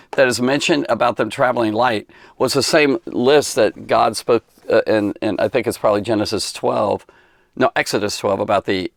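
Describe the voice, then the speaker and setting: A man's voice: mid-range voice, vocal fry, dry recording, clean studio sound. A man giving a casual Bible lesson for kids, rambling and conversational with many fillers and restarts. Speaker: Bible teacher.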